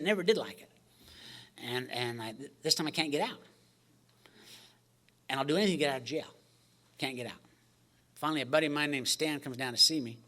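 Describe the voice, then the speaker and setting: Man telling a recovery story, bright tone, fairly high voice, joking, acts out the dialogue. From United States. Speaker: recovery meeting speaker. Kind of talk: storytelling talk to a recovery meeting.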